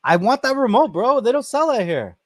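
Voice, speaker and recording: A man's voice: extremely high pitch, big pitch swings, a little fast, dry recording, clean studio sound. A man co-hosting a casual streaming podcast, teasing and joking with his partner. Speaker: podcast co-host. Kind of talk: casual livestream chat.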